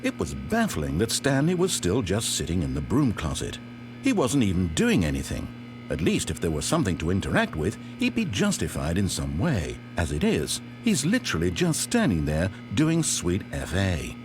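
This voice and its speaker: A man's voice: sits low, wildly swooping pitch, moderate pace, over music. An actor playing a wry, theatrical male narrator in a video game, speaking in an articulate way. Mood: baffled exasperation.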